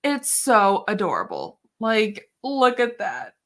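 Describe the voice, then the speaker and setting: Young woman, streamer, casual chat, giggly, fairly high, lively pitch. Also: takes it slowly, hardly any pauses. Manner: chatty and giggly, many fillers. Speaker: reading sprint streamer.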